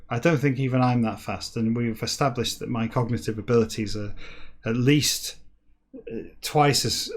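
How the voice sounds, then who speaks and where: A man in his forties rambles through a comic monologue as the host of his own show. He is sardonic and mock-boastful, and his voice sits at a middling pitch. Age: 40s. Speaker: podcast host.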